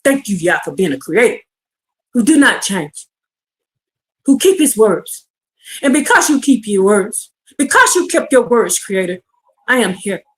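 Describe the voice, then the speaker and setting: A woman preaching a livestreamed sermon, fervent and building to shouted exhortation. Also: mid-range voice, sing-song, unhurried, pauses often.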